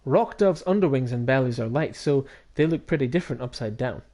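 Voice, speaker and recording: A man streaming a visual novel, reading it aloud with animated, laughing asides. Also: mid-range voice, a little fast.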